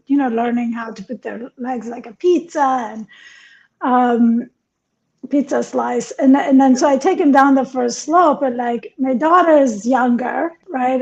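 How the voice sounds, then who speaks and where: A high-pitched woman from Europe co-hosting a relaxed podcast. She chats in an animated way and laughs often. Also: creaky, low-quality recording. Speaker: podcast co-host. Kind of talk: casual chat.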